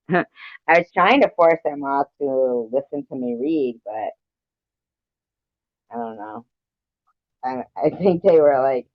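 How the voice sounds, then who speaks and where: A woman's voice: rumbling low, lively intonation, takes it slowly, long pauses, no echo. A woman hosting a livestream in casual chat, rambling and laughing often. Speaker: livestream host. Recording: muffled dry livestream audio.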